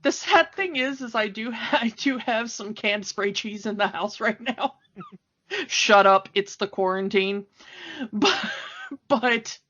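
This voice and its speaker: A woman co-hosts a podcast in loose, chatty conversation, laughing often between thoughts. Her voice sits a bit high. The audio is somewhat dull and lo-fi. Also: measured pace, fairly bright tone. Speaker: podcast co-host. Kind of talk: casual chat. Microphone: home microphone, remote call.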